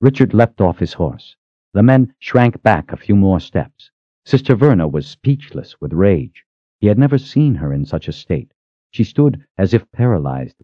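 Male audiobook narrator, animated and low. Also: dry recording, highs cut off. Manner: expressive, dramatic storytelling. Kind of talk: scripted narration.

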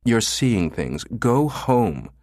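A man's voice: lowish voice, big pitch swings, very slow, darkish tone, no echo, pitched above the performer's own voice, heavily acted. Grumpy, wisecracking computer tech, dry and sarcastic, slightly raised voice, read by a male audiobook narrator. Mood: grumbling.

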